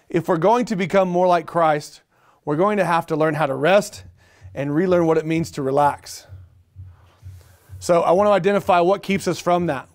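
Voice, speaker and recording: A middle-aged male pastor preaching a sermon, animated and repetitive, asking the room questions. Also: high-pitched. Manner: animated preaching with repeated phrases and rhetorical questions.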